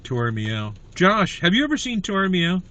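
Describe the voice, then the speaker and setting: Chatty guy doing a comedy livestream, bright forward voice, rambles and greets viewers. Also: high-pitched, very animated, moderate pace, muffled recording. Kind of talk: casual livestream chat.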